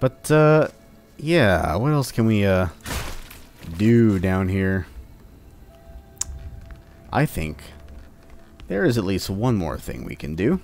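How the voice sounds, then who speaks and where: A man with a fairly low voice talks through his gameplay in a relaxed, offhand way. He cracks jokes and taunts the monsters as he fights them. A little music sits faintly underneath his voice. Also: takes it slowly, pauses often. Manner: playful, jokingly taunts enemies. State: sore upper back. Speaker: let's-play host. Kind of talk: casual gameplay commentary.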